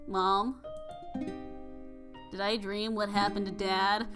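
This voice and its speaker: A woman's voice: medium pitch, level tone, takes it slowly, close to an everyday voice. A woman voicing a drowsy, drugged young boy. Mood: sad. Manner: slurred, drunk-sounding drawl. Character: young boy, loopy from hospital drugs. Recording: music playing underneath.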